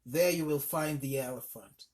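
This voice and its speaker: A man's voice: a little high, moderate pace, a little mellow, natural voice. A man reading a folk tale aloud and voicing an indifferent male leopard giving directions. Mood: offhand.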